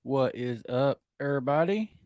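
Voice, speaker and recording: A man's voice: mid-range voice, moderate pace, no echo. A man hosting a live paranormal podcast, joking and bantering with his co-hosts. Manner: animated, joking host banter. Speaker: podcast host.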